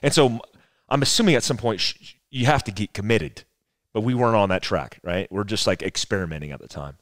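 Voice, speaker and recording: A man's voice: fairly low pitch, fast talker, no echo, clean studio sound. A man in his forties, a former soldier, telling a rambling, profane story as a podcast guest. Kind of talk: casual storytelling conversation.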